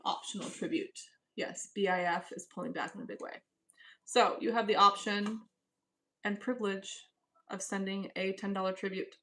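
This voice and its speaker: A woman's voice: medium pitch, fairly even intonation, normal speed, sharp tone. A woman hosting a live stream from home, reading chat messages aloud and answering in a cool, dismissive casual manner. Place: at home, indoors.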